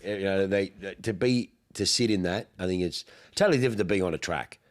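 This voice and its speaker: A man co-hosting a podcast, chatting casually with short, supportive and halting remarks. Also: low-pitched. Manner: brief supportive interjections, halting phrasing. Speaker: podcast co-host. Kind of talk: casual chat.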